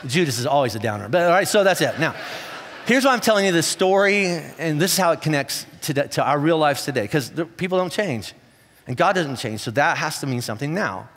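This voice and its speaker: Animated high-voiced preacher in a big hall. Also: male voice, brisk. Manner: conversational, animated storytelling with acted-out quotes. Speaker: pastor. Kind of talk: sermon. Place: church auditorium.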